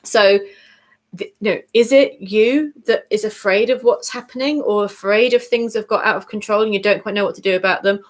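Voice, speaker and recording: A woman's voice: medium pitch, a little fast. A woman hosting a casual weekly tarot reading video, chatty and bubbly, laughing easily and often correcting herself as she goes. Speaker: tarot reader.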